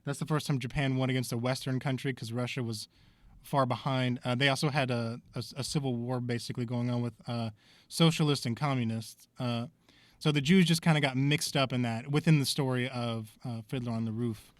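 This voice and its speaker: A man's voice: mid-range voice, steady tone, a little fast, dry recording. A man co-hosting a podcast, talking in a rambling, thoughtful way with lots of fillers. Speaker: podcast co-host. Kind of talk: casual podcast discussion.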